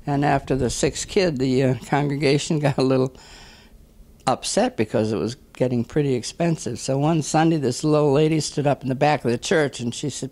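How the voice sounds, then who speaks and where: A man telling a string of jokes in a casual way, laughing at his own punchlines and clearing his throat between them. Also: mid-range voice, steady tone, fairly quick, a little mellow. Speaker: joke teller.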